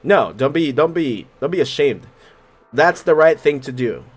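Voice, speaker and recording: A man hosting a gaming video, giving casual commentary that swears, laughs and reacts loudly. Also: a little high, lively intonation, normal speed, husky. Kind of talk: casual let's play commentary.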